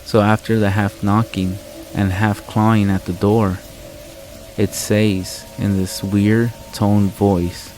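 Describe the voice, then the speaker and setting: A man reads a scary story aloud in a calm, deadpan, measured way. His voice sits very low and barely moves in pitch. Soft music plays faintly under the rain behind him. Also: rough recording. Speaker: horror story narrator. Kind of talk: scripted narration.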